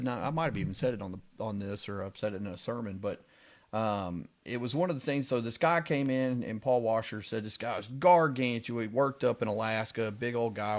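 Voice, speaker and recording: Animated pastor telling stories. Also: male voice. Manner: animated storyteller, voice rising high when retelling excited moments. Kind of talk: casual podcast discussion.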